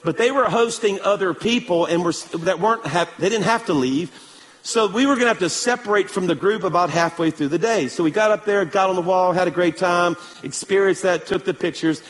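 A male pastor preaching a sermon in a church, telling stories with animated energy and calling for amens. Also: high voice, a little fast, big-room sound. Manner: animated storytelling, calls for amen.

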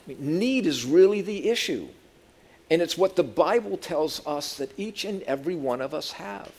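Male Bible teacher; casual, funny storytelling sermon, fairly high-pitched. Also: lively intonation, moderate pace, darkish tone. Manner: humorous storytelling, asks the audience questions. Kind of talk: conversational sermon.

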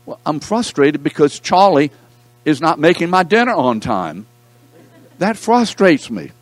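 A man's voice: on the high side, very animated, measured pace, dry recording, faint music behind, voice pushed up. Man putting on a whiny, indignant husband. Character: grumpy husband, middle-aged, demanding his dinner.

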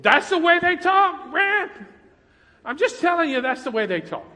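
High-voiced, animated male preacher in a hall. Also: moderate pace. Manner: animated, swinging from loud dramatic acted prayers to quiet intimate asides. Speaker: pastor. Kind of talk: sermon.

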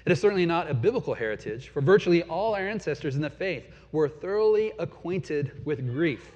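A man's voice: fairly high pitch, expressive, a little fast, hardly any pauses, darkish tone. A man in his forties preaching a sermon as pastor, earnest, swelling and dropping in force. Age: 40s. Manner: earnest, rising and falling in force. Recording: dull sound with long hall reverb.

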